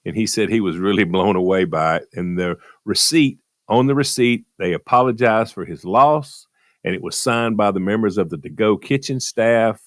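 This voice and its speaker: A man co-hosting a radio show, telling a story slowly. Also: fairly low pitch, no room sound, clean studio sound. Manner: slow storytelling delivery. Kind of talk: casual radio chat.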